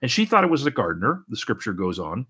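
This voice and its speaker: A husky, bright, forceful voice of medium pitch rushes along in a sing-song rhythm as a middle-aged pastor preaches. His sermon is earnest and repetitive, riddled with restarts and "and, and."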